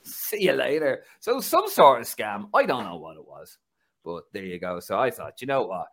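A man with a Dublin Irish accent hosting a casual football podcast, telling stories with laughter and a chatty, animated manner. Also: fairly low pitch, moderate pace. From Ireland. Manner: chatty storyteller, laughs through anecdotes. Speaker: podcast host.

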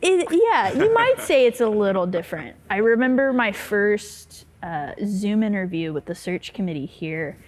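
A woman's voice: mid-range voice, big pitch swings, normal speed, few pauses. A woman from the American South, a co-pastor, talking casually in an interview with a Southern accent, chatty and often laughing, with many fillers. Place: decorated church.

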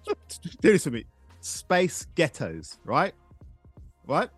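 A man hosting a casual podcast chat, playful and quick to laugh. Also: on the high side, slightly rough, dry recording, faint music behind. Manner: playful, animated, laughs often. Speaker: podcast host.

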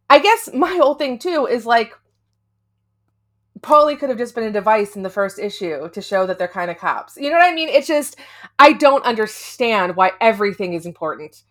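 A woman's voice: fairly high pitch, a bit bright. A woman co-hosting a casual comics podcast, chatting in a rambling way with casual swearing. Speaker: podcast co-host.

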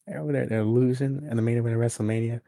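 A man's voice: medium pitch, steady tone, rapid-fire, vocal fry, dark tone, no room sound, clean studio sound. A man co-hosting a podcast, casually recapping a wrestling show at length and acting out what was said. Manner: recaps events at length, acting out quoted lines. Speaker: podcast co-host. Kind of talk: casual wrestling review chat.

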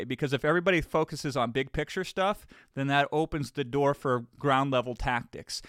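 A man explaining his public speaking approach in a casual, emphatic talking-head style, with quick bursts of speed. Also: medium pitch, a bit bright, dry recording, studio quality. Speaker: marketing speaker and host.

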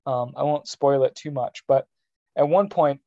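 A man's voice: medium pitch, measured pace, mellow, no echo, dull audio. A young man co-hosting a podcast in casual chat, joking and rambling with restarts. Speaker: podcast co-host.

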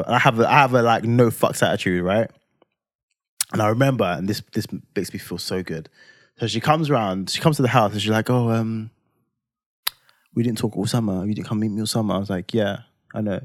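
A man, telling a personal story on a podcast in an animated, dramatic way with slang tags. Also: lowish voice, dry recording, clean studio sound. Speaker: podcast co-host. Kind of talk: casual storytelling chat.

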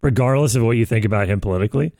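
A man's voice: mid-range voice, rapid-fire, creaky, warm tone, no room sound, clean studio sound. A young man co-hosting a casual podcast chat, laid-back and calling people "dude" and "man". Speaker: podcast co-host.

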